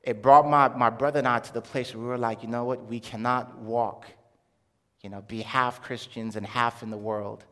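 A young adult man giving an animated testimony sermon as a preacher, acting out quoted voices as he tells his story. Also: medium pitch, normal speed. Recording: long hall reverb.

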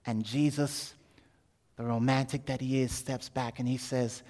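A man preaching a sermon, telling a story that swings from loud, joking asides to hushed intensity. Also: medium pitch, steady tone, a little slow. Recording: long hall reverb.

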